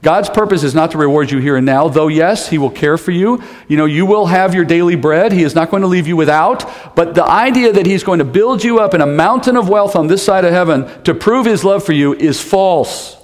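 A male pastor delivers a sermon in an easy, conversational way, slipping in humor and asides. His voice sits a bit high for a man. The sound rings out with the long reverb of a large church hall. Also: fairly quick, few pauses.

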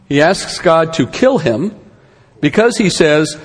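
A man's voice: a little high, animated, slow pace, big-room sound. A man giving a conversational Bible lesson, with rhetorical questions and wry asides. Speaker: Bible teacher.

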